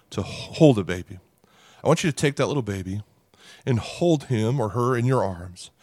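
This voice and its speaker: A middle-aged pastor preaching a sermon to parents, earnest and dramatic, slowing down and pausing for emphasis. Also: male voice, lowish voice, dry recording, studio quality.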